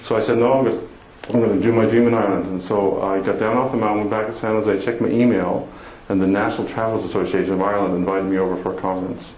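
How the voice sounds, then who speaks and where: A man's voice: lowish voice, steady tone, fast talker. Man telling a story in an echoey hall. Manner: warm, laughing, self-deprecating storytelling. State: emotional. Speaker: motivational speaker. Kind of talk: storytelling talk to an audience. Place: conference hall before an audience. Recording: echoey hall with room noise.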